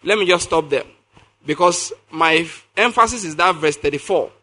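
Guy preaching a sermon, kinda high voice, bright and sharp, reads verses slow then asks the crowd stuff. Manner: reads scripture slowly, then asks the congregation questions.

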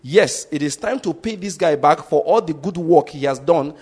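A man's voice: on the high side, expressive, moderate pace, darkish tone, breathy edge. A male pastor teaching a sermon, emphatic and repetitive, explaining his points step by step.

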